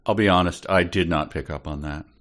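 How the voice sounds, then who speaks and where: A man's voice: low voice, a little fast, fairly bright tone. A man co-hosting a casual comedic book podcast, making dry, wry jokes about the text. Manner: dry, wry, joking asides. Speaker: podcast co-host.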